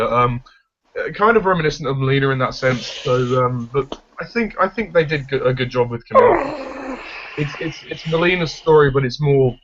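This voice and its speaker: A man's voice: mid-range voice, fairly bright tone, slight background noise. A man giving his blunt, opinionated take on a film in a casual discussion. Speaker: film reviewer. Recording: dull lo-fi recording.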